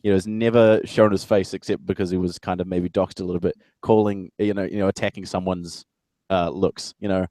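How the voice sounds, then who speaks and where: Halting, blunt man chatting on stream. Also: deep voice, level tone, warm tone, no echo. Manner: halting, stammering restarts, blunt. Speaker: guest. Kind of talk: casual livestream chat.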